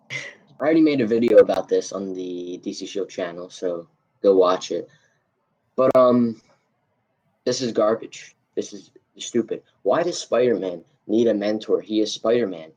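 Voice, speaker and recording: A young man cohosts a casual podcast and rants with animated energy. His voice sits on the lower side. The recording sounds dull and lo-fi. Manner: animated, ranting. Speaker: podcast host. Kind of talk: casual chat. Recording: dull lo-fi mic.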